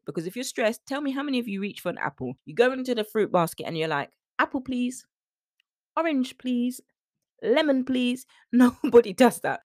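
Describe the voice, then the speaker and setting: Woman coach, solo podcast, lively swooping pitch, dry close sound, chatty. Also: no room sound. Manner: chatty, animated, acts out sing-song quotes. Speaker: weight-loss coach and podcast host. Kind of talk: casual solo podcast talk.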